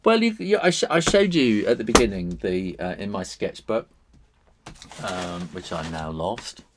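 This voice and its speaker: A man's voice: fairly low pitch, lively intonation, a little slow, heavy background noise. A man hosting a live drawing stream, chatting with viewers as he works. He talks in a rambling way, chuckles often and uses many fillers.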